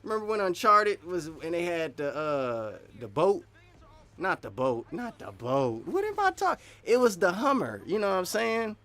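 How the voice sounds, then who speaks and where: Excitable man with a raised voice. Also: on the high side, moderate pace. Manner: excited, animated, breaks into loud bursts. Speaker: host. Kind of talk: casual commentary on game news.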